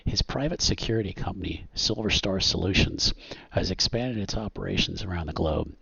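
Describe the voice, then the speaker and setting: A man narrating a tabletop game as game master in a relaxed, hesitant way. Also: sits low, a little fast, creaky, slightly rough, dry recording. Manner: relaxed, hesitant with many ums. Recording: dull, dry muffled audio.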